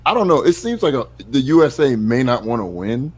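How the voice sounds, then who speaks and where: A man's voice: medium pitch, very animated, brisk, darkish tone, slightly rough. A man on a casual talk show giving blunt, profane opinions and mocking others in sarcastic voices. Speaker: co-host.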